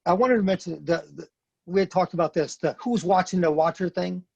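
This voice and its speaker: A man's voice: sits high, a little fast, creaky, darkish tone, breathy edge, no room sound. A middle-aged man, a retired Marine, talking bluntly and emphatically in an interview, repeating words for stress. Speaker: podcast guest, retired Marine sergeant major. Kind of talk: conversational interview talk. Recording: dry, dull lo-fi sound.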